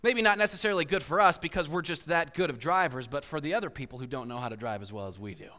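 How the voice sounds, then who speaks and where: A fairly high-voiced man preaching in a large hall, his words trailing off into a long reverb. He tells everyday stories with lively swings, slipping into the voices of the people he describes. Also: fast. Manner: animated, acts out inner voices with big swings. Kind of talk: sermon with storytelling.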